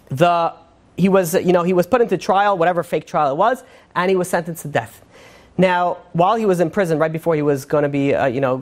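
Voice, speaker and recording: A male rabbi giving a casual sermon, telling a story in a rapid, rambling way, full of fillers and restarts. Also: fairly high pitch.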